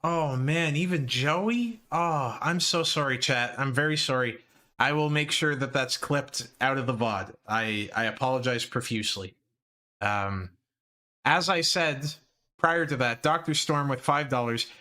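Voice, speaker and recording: Bright-voiced young man hosting a stream. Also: mid-range voice, unhurried. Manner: profane, self-mocking, laughing often. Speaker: livestream host. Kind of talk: casual live stream commentary.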